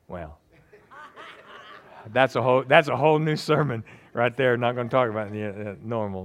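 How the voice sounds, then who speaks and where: A man's voice: medium pitch, moderate pace, pauses often. A man preaching a casual, joking sermon and telling stories in a conversational way.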